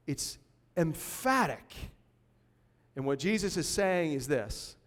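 A man pastor delivering a sermon in a lively, conversational way, punctuated by sudden emphatic bursts. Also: sits high, measured pace, smooth, in a large hall.

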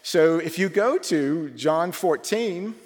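A man preaching a conversational sermon, informal and full of rhetorical questions, shifting between quick asides and slow emphatic phrases. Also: fairly high pitch, animated. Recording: long reverb from a large hall.

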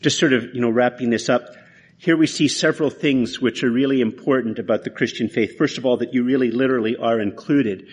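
A man's voice: medium pitch, fairly even intonation, fairly quick, breathy edge. A man preaching a sermon in an earnest, conversational way, often restarting his phrases. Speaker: pastor.

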